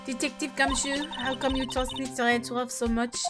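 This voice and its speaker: A woman's voice: high-pitched, little pitch movement, fairly quick, over music. A woman voicing a young, earnest male defense lawyer, reading game dialogue aloud in a polite, slightly hesitant way. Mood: curious.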